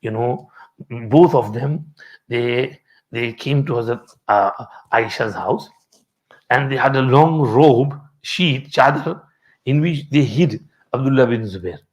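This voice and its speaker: A man's voice: medium pitch, slow pace, dull audio. Man teaching Quran commentary. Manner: storytelling, mixing in Urdu and Arabic terms. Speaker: Islamic teacher.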